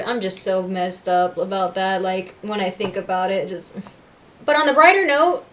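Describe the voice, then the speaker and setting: Chatty young woman recapping a show. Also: medium pitch. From Puerto Rico. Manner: chatty, emotional, full of fillers. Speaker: reaction video host. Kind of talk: casual recap chat.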